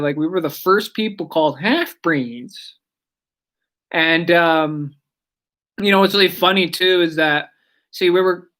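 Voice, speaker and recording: A woman giving a casual radio language lesson, chatty and digressive, repeating words slowly for learners. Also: medium pitch, fairly bright tone.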